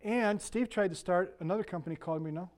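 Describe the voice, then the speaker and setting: A man's voice: sits high, quick pace, darkish tone. An older man giving an informal sermon as a pastor, rambling and digressive with frequent restarts and asides.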